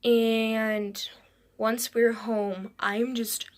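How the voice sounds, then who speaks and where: A woman telling a personal story in a halting way, with restarts and frequent drops into a whisper. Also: a little high, level tone.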